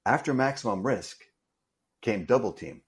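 A man telling a story in casual conversation, animated and full of restarts. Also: medium pitch, moderate pace. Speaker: interview guest, stuntman.

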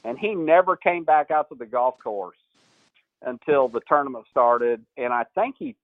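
A man, a golf coach guest, telling animated stories in a podcast interview and acting out what people said, laughing often. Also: mid-range voice, normal speed, no room sound, narrow, tinny audio. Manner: animated storyteller, acts out quotes, laughs often.

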